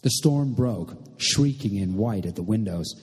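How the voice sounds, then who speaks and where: Husky, mellow-voiced male narrator. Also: lowish voice, animated, in a large hall. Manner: measured, literary storytelling. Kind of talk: audiobook narration.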